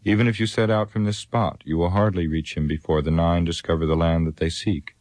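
A man voicing an anxious, hurried old male wizard in a storybook reading. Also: deep voice, fairly even intonation, darkish tone, dry recording, studio quality, lightly acted. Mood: urgent.

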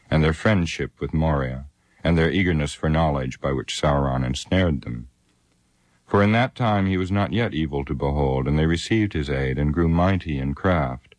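A man narrating an epic fantasy audiobook in a measured, solemn storytelling manner. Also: extremely low pitch, a little mellow, dry recording. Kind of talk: scripted narration.

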